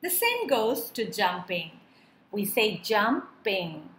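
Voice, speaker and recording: A woman teacher speaks slowly with a bright, slightly high voice, stretching words out carefully for beginners. The room echoes a little and a faint hum runs under her voice. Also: animated. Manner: slow, clear, drawn-out word-by-word pronunciation. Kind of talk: children's lesson narration.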